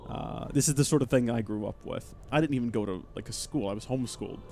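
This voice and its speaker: A man's voice: medium pitch, fast, vocal fry, a little hiss or hum. A young man streaming live gameplay, chatting and thanking viewers as he plays. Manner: chatty and animated, thanking chat mid-game.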